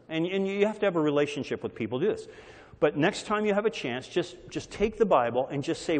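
Man, preacher, sermon, repeats his phrases, fairly high voice, long hall reverb. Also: lively intonation, moderate pace, darkish tone. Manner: repetitive call-and-response phrasing, varied emphasis.

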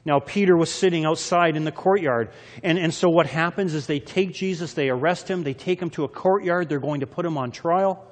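Expressive male preacher in an echoey hall. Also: on the high side, brisk. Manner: dramatic scripture reading with lots of shifts in loudness. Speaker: pastor. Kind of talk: sermon.

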